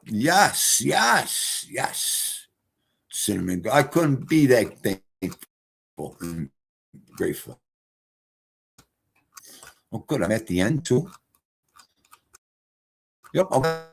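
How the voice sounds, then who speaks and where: Middle-aged male streamer, lively storyteller, husky voice, swings between shouts and mutters. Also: mid-range voice, drawn-out words, long pauses. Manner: animated, swings from loud exclamations to quiet mutters. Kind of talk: casual storytelling livestream.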